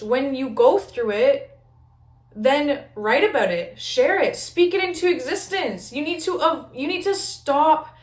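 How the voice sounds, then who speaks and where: A young woman giving a casual pick-a-card tarot reading, talking fast and loose with lots of "like" and casual swearing. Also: sits high. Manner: chatty, frequent "like", swears casually. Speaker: tarot reader. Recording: echoey room.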